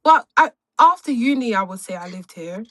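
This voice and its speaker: A woman's voice: a little high, animated, moderate pace, pushed and bright, no room sound. A woman guest in a casual chat, playful and teasing.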